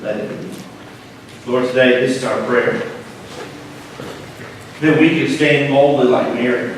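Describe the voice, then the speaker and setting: Pastor, male, preaching with big loud-to-hushed swings, echoey church hall, distant mic. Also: mid-range voice, fairly even intonation, unhurried, slight background noise. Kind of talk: sermon. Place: church sanctuary.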